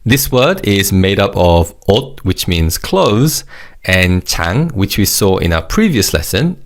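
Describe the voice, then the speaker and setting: Male language teacher, low gravelly voice with a lively up-and-down delivery, measured drill pacing, brief praise. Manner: slow English explanations and repeated target words; upbeat praise after each drill. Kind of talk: scripted vocabulary lesson.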